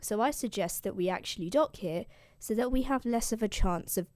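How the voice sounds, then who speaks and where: A woman's voice: mid-range voice, brisk, a little mellow, no echo, studio quality, natural voice. A British woman voicing a scheming male sailor who talks his crew round in casual slang. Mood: persuasive.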